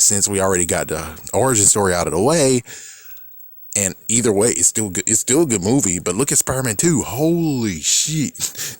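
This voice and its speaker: A man's voice: on the low side, dry recording. A man ranting casually about movies, profane and exasperated, often acting out what other people say. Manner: profane, exasperated and animated, acts out quotes. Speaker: movie commentary vlogger.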